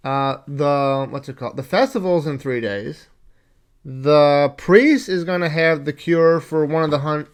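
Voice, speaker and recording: A man retells a tabletop session he ran as game master, rambling along and cursing freely. His voice sits a bit higher than most men's. He slips into quick impressions of his players and characters as he goes. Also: fairly bright tone, clean tone. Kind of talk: casual storytelling recap.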